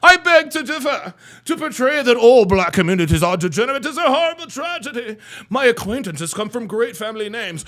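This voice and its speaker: A man putting on a pompous fake-posh gentleman. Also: very high-pitched, expressive, fairly quick, exaggerated voice. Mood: haughty mockery. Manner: mock posh, overly formal diction. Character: pompous fake-proper man, haughty and stiff.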